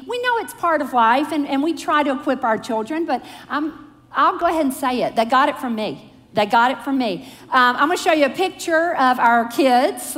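A high, bright voice of a middle-aged woman talking from a church stage, playful and quick to poke fun at herself. Her words ring out with a long reverb through the big hall, and soft music sits behind her. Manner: chatty, playful and self-mocking. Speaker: pastor speaking to a congregation. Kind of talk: prayer and church talk. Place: church sanctuary.

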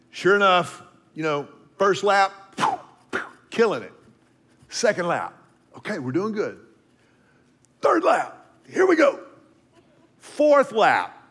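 A middle-aged man with a high-pitched voice tells a personal story as part of a devotional talk. He paints the scene vividly and drops to a near hush for his asides. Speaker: speaker.

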